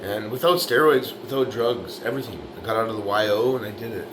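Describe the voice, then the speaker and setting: With background noise in the clip, a middle-aged man who lays bricks and vlogs speaks fast in a fairly low voice. He gives a rambling, profane, blunt motivational talk, leaning on "you know, right?" again and again.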